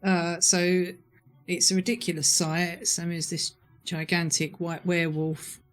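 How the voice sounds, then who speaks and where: A man's voice: on the high side, little pitch movement, unhurried, soft background music. A man playing in a tabletop game, casual and describing his character's actions as he goes. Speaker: player.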